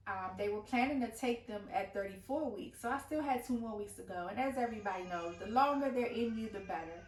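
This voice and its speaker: A woman in her thirties, a mother, tells the story of her twins' birth in an emotional, halting way, restarting often. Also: medium pitch, far from the mic. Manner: emotional retelling with many restarts and fillers. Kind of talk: personal storytelling vlog. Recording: echoey room, voice from off-mic, faint ambience.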